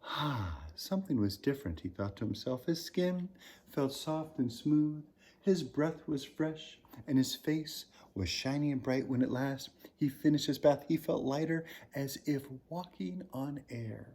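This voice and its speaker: A man, a children's author, reading a picture book aloud with animated storytelling, swinging pitch and loudness and dropping to a whisper. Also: a little slow.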